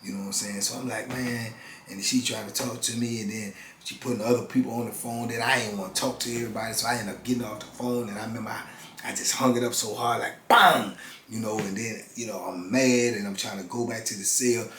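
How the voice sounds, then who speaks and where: A man in his fifties telling a personal story in a halting, earnest way, often restarting and checking in with his listener. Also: fairly low pitch, steady tone, a bit bright, slight background noise. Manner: halting, earnest, many restarts and "you know what I'm saying". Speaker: formerly incarcerated channel host. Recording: roomy room with faint ambience.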